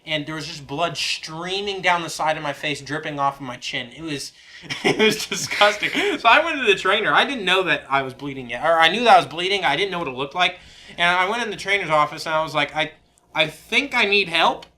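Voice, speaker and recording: A man's voice: fairly high pitch, expressive, a little fast, bright, forceful tone. A young man co-hosting a casual podcast, telling stories animatedly and laughing often. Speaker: podcast co-host. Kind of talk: casual storytelling chat.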